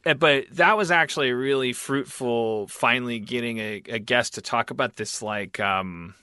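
A man co-hosting a podcast in casual chat, rambling and self-mocking, with halting restarts. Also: medium pitch, pushed and bright, smooth, no room sound, clean studio sound. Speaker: podcast co-host.

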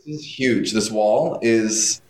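A man, a guest from New York, telling animated stories in casual chat and swearing freely. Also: lowish voice. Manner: animated storytelling, heavy swearing, quick asides.

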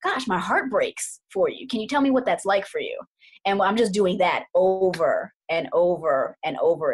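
A woman's voice: on the low side, slightly rough. A woman couples therapist talking through her approach in a casual podcast chat, earnest and thoughtful, often repeating words for emphasis.

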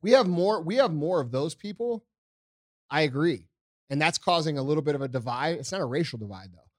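A man with a fairly high voice talks politics in casual chat, blunt and peppered with swearing. He sounds animated as he makes his points. The sound is dry and close, with almost no room echo. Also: fairly quick. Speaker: podcast co-host.

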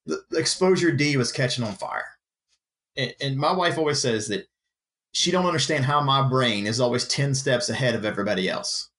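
A man, a firefighter, talking casually on a podcast in animated bursts with frequent restarts. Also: mid-range voice, fairly quick. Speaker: firefighter guest.

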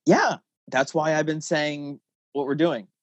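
A man's voice: on the high side, a little slow, no room sound, lo-fi sound. Joking man hosting a podcast chat. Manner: joking, animated, laughs often. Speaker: podcast host. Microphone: podcast mic.

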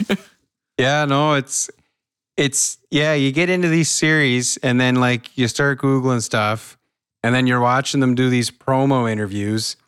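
A man with a Canadian accent co-hosting a podcast, tossing out quick joking quips in casual chat. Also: mid-range voice, fairly even intonation, fairly bright tone, clear, resonant tone, no room sound, clean studio sound. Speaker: podcast co-host. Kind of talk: casual chat among friends.

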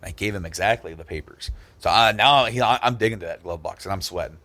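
A man's voice: sits low, fast talker. A man telling a story in a casual podcast chat, acting out the people in it. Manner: animated, acts out the people in his stories.

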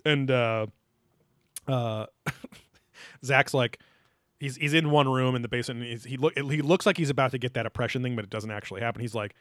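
A young man talks through an episode in easy, joking podcast chatter, full of fillers and quick laughs. His voice sits in a plain middle register. The recording is close and dry, with no room sound around it. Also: mid-range voice, a bit bright, no echo. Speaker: podcast co-host. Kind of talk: casual chat recapping a TV episode.

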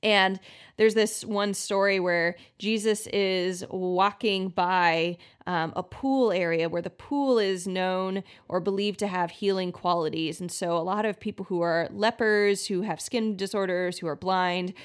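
A woman's voice: medium pitch, steady tone, unhurried, clear, resonant tone. A woman hosting her own podcast as a health practitioner, talking casually with lots of fillers and acting out quoted voices. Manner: chatty, many "like" fillers, acts out quoted voices. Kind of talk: casual solo podcast talk.

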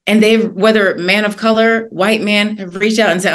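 A woman author as a guest in an interview, telling stories in an earnest, animated way. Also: mid-range voice, normal speed, few pauses. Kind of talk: interview conversation.

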